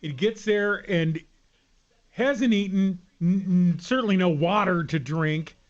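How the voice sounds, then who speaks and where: A man co-hosting a radio show, an animated storyteller bantering in the studio. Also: high voice, takes it slowly, dull audio. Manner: animated storyteller, laughs often. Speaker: radio co-host.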